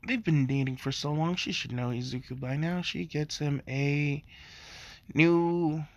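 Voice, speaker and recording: A man's voice: on the high side, fairly even intonation, measured pace. A young man casually narrating a fan story, rambling with lots of "like" and "you know". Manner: rambling, filler-heavy.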